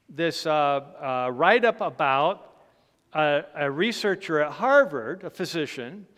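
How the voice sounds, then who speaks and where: A middle-aged man delivers a health seminar lecture in a high, smooth, resonant voice. He explains emphatically and stresses key points. The sound carries a long reverb from a church hall. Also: fairly bright tone. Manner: explanatory, checks in with "Okay" and "Right?". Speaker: physician giving a health seminar.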